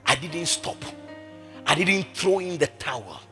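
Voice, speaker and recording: A man preaching a sermon, driving his points home by repeating phrases and swinging from shouting to hushed speech. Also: a little high, sing-song, unhurried, music in the background. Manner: emphatic, repeats phrases over and over.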